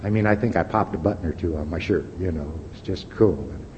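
A man in his fifties tells his own story at a recovery meeting in a folksy, earnest way, sometimes sinking to a quiet, intense hush. His voice is mellow and dark. The recording is muffled and lo-fi, with a long hall echo and faint hiss behind it. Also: low-pitched, fast, breathy edge. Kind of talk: personal testimony talk.

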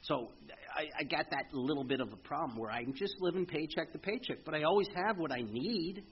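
Middle-aged man, recovery meeting testimony, halting and earnest, muffled lo-fi sound, faint room ambience. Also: fairly high pitch, expressive, a little hiss or hum. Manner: halting, earnest, with frequent restarts. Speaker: speaker sharing at a recovery meeting.

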